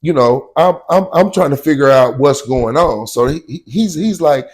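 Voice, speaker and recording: A man with a slightly high, expressive voice talks at normal speed, telling a personal story casually in slang. He often throws in "you know what I'm saying" and loudly performs shouted quotes.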